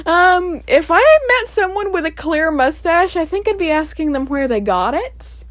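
A woman's voice: very high voice, animated, normal speed, few pauses, no room sound. A woman hosting a casual solo podcast, playful and jokey, often breaking into giggles. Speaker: podcast host.

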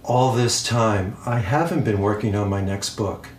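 A man imitating a male film hero, speaking in a flat, wooden monotone. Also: fairly low pitch, a little slow, roomy sound, voice pushed down, lightly acted.

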